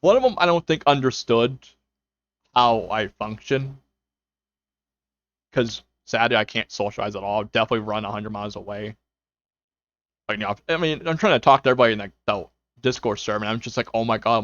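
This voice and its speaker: A man's voice: on the low side, brisk, pauses often, fairly bright tone, no room sound. A young man streaming from home, rambling casually to his viewers with lots of fillers. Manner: rambling, with many fillers and quoted self-talk. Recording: dull lo-fi mic, faint music.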